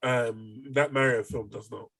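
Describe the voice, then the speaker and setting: A man's voice: mid-range voice, steady tone, a little slow, a bit bright, dry recording. A man hosting a casual podcast chat. He rambles with lots of fillers and the odd swear word. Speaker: podcast host.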